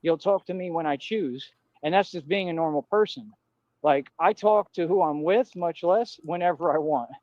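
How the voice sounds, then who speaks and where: A man's voice: fairly high pitch, normal speed, a little mellow, no room sound. Defiant man ranting on a lo-fi stream. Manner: defiant, repetitive, street slang. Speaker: livestreamer. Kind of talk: ranting livestream monologue.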